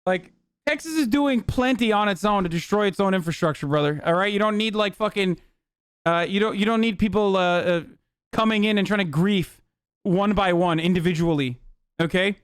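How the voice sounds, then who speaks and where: A male streamer tears into a clip with scornful, profanity-laced sarcasm. His voice sits fairly high and sounds smooth and clean, recorded close and dry. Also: moderate pace, no echo. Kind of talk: heated reaction commentary.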